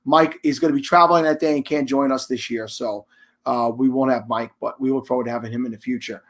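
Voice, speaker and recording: A man hosting a live charity stream, chatty and emphatic, giving casual announcements with frequent restarts and shout-outs. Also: mid-range voice, fairly even intonation, fast talker.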